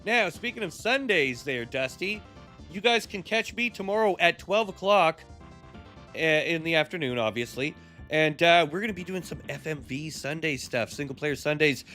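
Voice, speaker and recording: High-voiced crude wrestling announcer. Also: male voice, animated, moderate pace. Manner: crude, joking, shouty announcing. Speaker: streamer and play-by-play commentator. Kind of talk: wrestling play-by-play on a live stream. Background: music.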